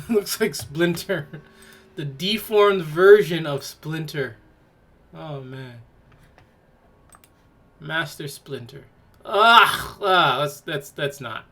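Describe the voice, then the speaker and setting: Slow, animated mocking woman host. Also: low-pitched. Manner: mocking, exclaiming, laughing in disgust. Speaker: podcast host. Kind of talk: casual reaction commentary.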